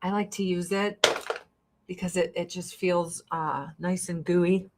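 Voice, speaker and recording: A woman's voice: lowish voice, steady tone, a little slow, heavy background noise. A woman doing her makeup while ranting in a blunt, profane, fired-up way. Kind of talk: casual get-ready-with-me rant.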